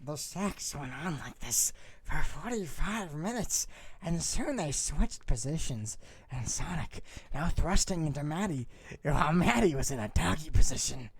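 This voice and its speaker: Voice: mid-range voice, expressive, unhurried, slightly rough. A reader performing a comedic dramatic reading of fan fiction in a mock-dramatic way, trying out silly voices.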